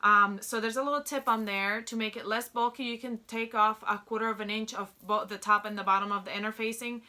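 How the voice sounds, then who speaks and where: A woman's voice: medium pitch, steady tone, fairly quick, bright, forceful tone. A young adult woman giving a casual sewing tutorial, chatty and openly nervous, with many filler ums. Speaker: sewing pattern instructor.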